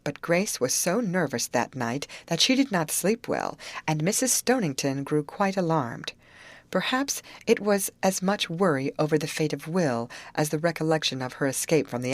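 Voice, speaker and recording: Animated woman reading an audiobook. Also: moderate pace, no room sound. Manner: lively reading, raises pitch for the girls' lines. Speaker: audiobook narrator. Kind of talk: scripted narration.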